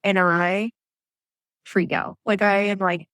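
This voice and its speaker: Woman, 30s, animated guest storyteller, dry close podcast sound. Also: mid-range voice, slow pace, no room sound. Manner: animated storytelling, acts out quotes, laughs often. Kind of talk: telling her birth story. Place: Atlanta area.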